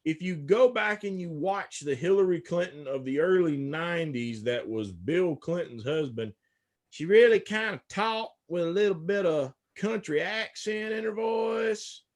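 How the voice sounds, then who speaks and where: A man's voice: sits high, animated, unhurried. A man talking politics in a casual podcast discussion, emphatic, and often repeating a word several times before he gets going. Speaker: political commentator.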